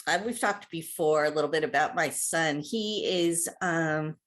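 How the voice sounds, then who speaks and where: A woman's voice: deep voice, measured pace. A woman calling in to ask about her son, hesitant and full of fillers. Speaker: caller, parent. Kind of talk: call-in question.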